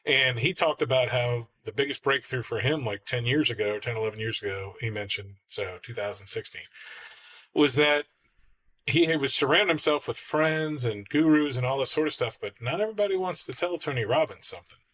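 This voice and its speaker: A man's voice: mid-range voice, fairly quick. A man hosting a podcast, telling stories in casual chat and acting out the quotes. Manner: animated storyteller, acts out quotes. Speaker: podcast host.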